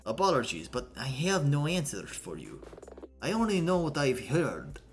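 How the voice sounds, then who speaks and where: A man voicing a woman street racer with a thick put-on Russian accent, reading game dialogue in slow, broken English. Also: a little high, huge pitch swings, soft background music. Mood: earnest.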